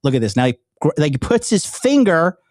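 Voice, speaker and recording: A man's voice: on the high side, very animated, fairly quick, a little mellow, no room sound, clean studio sound. A man, a YouTuber and dating coach, talking casually and emphatically to his viewers, rambling and swearing often. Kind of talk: casual direct-to-camera chat.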